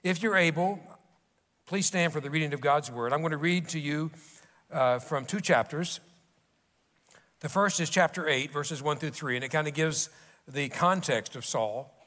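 A man's voice: on the high side, moderate pace, a bit bright. A man pastor preaching a sermon, telling stories in a folksy, conversational way with restarts. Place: church sanctuary. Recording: long reverb of a church hall.

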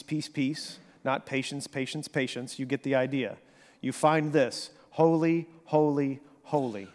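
A man preaching a sermon, swinging from hushed, slow passages to animated, emphatic bursts. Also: medium pitch. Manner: dynamic preaching, drops to near whisper then rises to animated emphasis. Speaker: pastor. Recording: long hall reverb.

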